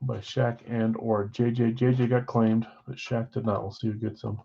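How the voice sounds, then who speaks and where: A man's voice: mid-range voice, level tone, normal speed, vocal fry, mellow, breathy edge, lo-fi sound. A man hosting a live sports card break, casually rattling off player names and who got which spot.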